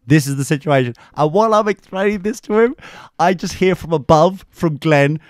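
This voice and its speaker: Here a male podcast co-host with a fairly high voice keeps a moderate pace while telling a rowdy story in casual talk. He's lively and full of swearing, putting on camp voices for the quotes, and the studio-quality audio has no room sound.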